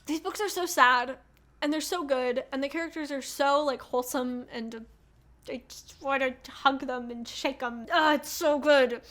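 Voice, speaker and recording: A young woman in her twenties chatting casually as a book vlogger, gushing and animated, laughing often and swearing freely. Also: high-pitched. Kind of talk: casual book review chat.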